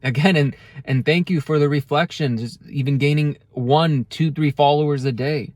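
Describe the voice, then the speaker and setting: A man's voice: on the high side, normal speed, a little mellow, dry recording. Earnest man giving a motivational talk. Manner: earnest, heartfelt, with frequent restarts. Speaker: self-help video creator. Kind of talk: motivational monologue to camera.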